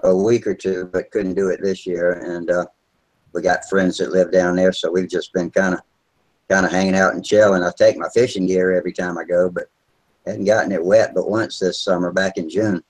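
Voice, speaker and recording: A man hosting a live video hangout from home, talking in a relaxed, rambling way with plenty of filler words over a video call. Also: deep voice, moderate pace, low-quality recording. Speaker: host of a model airplane video hangout. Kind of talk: casual live chat.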